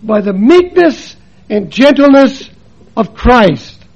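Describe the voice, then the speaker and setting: Husky high-voiced male preacher. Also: sing-song, slow, dull audio. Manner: storytelling, switches between quiet and emphatic. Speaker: preacher and missionary. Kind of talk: sermon with personal stories.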